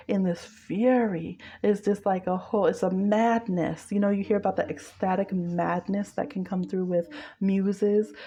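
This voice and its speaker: A woman giving a casual spoken tarot reading, chatty and quick, who laughs often. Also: mid-range voice, gravelly, mellow, slight background noise. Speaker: tarot reader.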